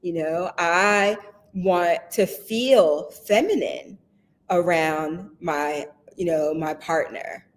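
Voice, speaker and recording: A woman with a fairly low voice speaks very slowly as a guest in a casual chat. She tells stories energetically, acts out what people said, and laughs often.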